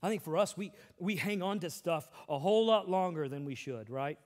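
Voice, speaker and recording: A middle-aged man preaching a sermon as pastor, swinging between loud emphasis and hushed, quiet passages. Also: high-pitched, lively intonation, a little fast. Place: large church hall. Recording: long hall reverb.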